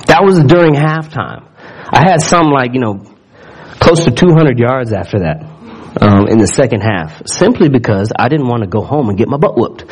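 A man's voice: medium pitch, expressive, normal speed, slightly rough, poor audio. A man preaching a sermon, telling a story with asides and questions to the congregation, often repeating words as he builds up. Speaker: pastor.

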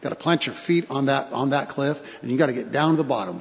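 Gravelly man preaching in reverberant church. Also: medium pitch. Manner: storytelling, with pauses for emphasis and repeated phrases. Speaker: pastor. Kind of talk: sermon. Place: church sanctuary.

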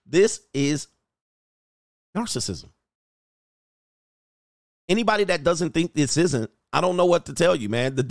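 A man's voice: fairly high pitch, gravelly, no echo, studio quality. A dating coach giving blunt, profane reaction commentary, laughing at his own points and firing off mocking rhetorical questions.

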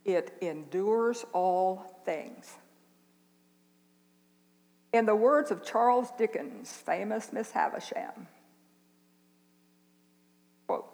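An older woman preaching a sermon, speaking slowly and earnestly with long pauses. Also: mid-range voice, expressive, a little mellow, in a large hall. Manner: slow, earnest, with dramatic pauses. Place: church.

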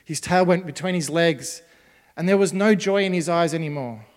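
High-voiced gentle male storyteller. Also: moderate pace, long reverb tail. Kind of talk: storytelling for children.

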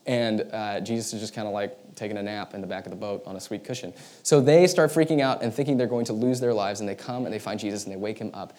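A man preaching a sermon in a casual, animated storytelling way, often acting out the voices he quotes. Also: lowish voice, fast, hardly any pauses. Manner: casual, many fillers like "like" and "right". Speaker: pastor.

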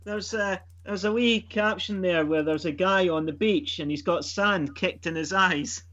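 A man's voice: high voice, a little slow, bright, forceful tone. A man chatting casually in a comic book group, telling stories with lots of fillers. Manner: chatty, storytelling, hesitant with fillers. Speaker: comic book club member. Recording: dull lo-fi sound.

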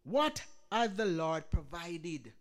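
A woman's voice: lowish voice, big pitch swings, slow pace. Woman, preacher, sermon, fervent, rising emphasis, scripture quotes.

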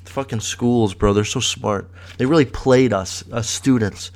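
A man's voice: mid-range voice, a little slow, few pauses. A young man hosting a podcast in casual chat, rambling and swearing with a sarcastic edge. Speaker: podcast host.

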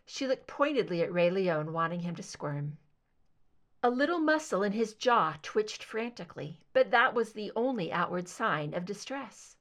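A woman narrates a fan fiction audiobook, reading expressively. Her pitch moves with a lively, animated range. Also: moderate pace. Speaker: reader.

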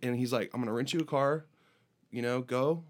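A man in casual conversation, telling a long story with lively energy. He speaks at a middle pitch and lifts his voice when he mimics other people. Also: a little fast. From United States. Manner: animated anecdote teller, voices border guards with raised pitch. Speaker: musician guest.

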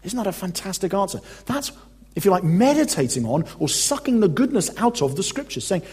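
A man's voice: sits high, very animated, fairly quick, a little mellow, breathy edge. A man preaching a conversational, emphatic teaching sermon as a pastor. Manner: conversational, emphatic, reads quotes aloud.

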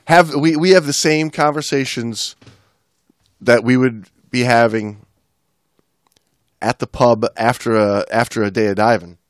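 A man's voice: medium pitch, a little slow, long pauses, no room sound, clean studio sound. Chatty Midwestern man hosting a podcast. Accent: American Midwestern. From American Midwest. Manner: chatty, reads listener mail aloud, laughs at own jokes. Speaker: podcast host. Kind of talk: casual chat.

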